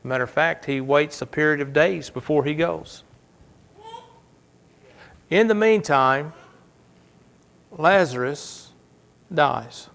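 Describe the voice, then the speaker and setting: A man's voice: a little high, takes it slowly, creaky, pauses often. Male pastor preaching with dramatic swings. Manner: dramatic storytelling, swinging from soft to loud. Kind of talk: sermon. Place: church.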